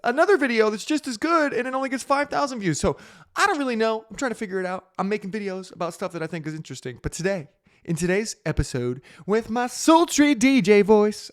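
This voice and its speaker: Lively, teasing male crypto host. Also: sits high, a little fast. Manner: playful, teasing, animated, mock-sultry asides. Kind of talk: casual crypto chat to camera. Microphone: studio microphone.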